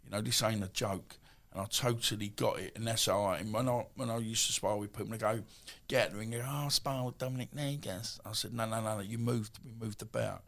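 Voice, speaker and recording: Gravelly, low Essex man in his fifties. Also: fast, hardly any pauses. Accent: Essex English. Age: 50s. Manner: rambling, animated, full of asides and restarts. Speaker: podcast guest. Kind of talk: casual storytelling.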